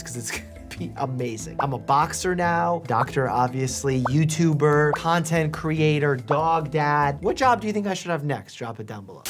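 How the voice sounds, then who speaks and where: A man who is a doctor, casually reacting to medical memes with jokes, quick asides and frequent laughs. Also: fairly high pitch. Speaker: doctor and YouTuber. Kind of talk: casual meme reaction commentary.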